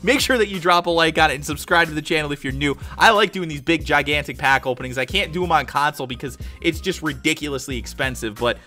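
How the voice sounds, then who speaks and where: A young man, a gaming YouTuber, commenting on card pack openings in a casual, excited way and shouting with joy at big pulls. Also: on the high side, quick pace, hardly any pauses, faint music behind. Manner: hyped, exclaims loudly at big pulls; casual, says dude and guys a lot.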